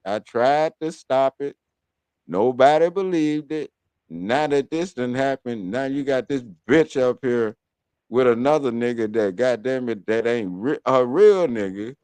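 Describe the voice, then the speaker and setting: A man's voice: mid-range voice, a little mellow, clear, resonant tone, dry recording. A man hosting a talk radio show, ranting in a heated, profane, blunt way about people and his own court case. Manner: heated, cursing, blunt storytelling. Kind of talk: profane casual rant.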